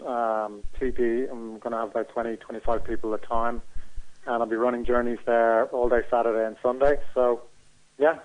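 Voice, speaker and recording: A man's voice: mid-range voice, little pitch movement, fairly quick. A man speaking as a radio guest, easygoing and hesitant with fillers. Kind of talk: phone interview. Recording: tinny phone line.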